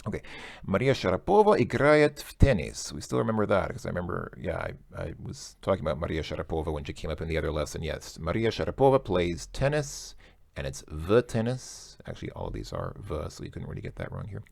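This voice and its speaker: A man with a low, gravelly voice talks through test answers in a casual lesson, hesitating and correcting himself often. He sounds close to the mic in a dry space with no room echo. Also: sing-song, fast talker, a little mellow. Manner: thinking aloud, hesitant, self-correcting. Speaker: language learner working through a test. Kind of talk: casual self-recorded lesson.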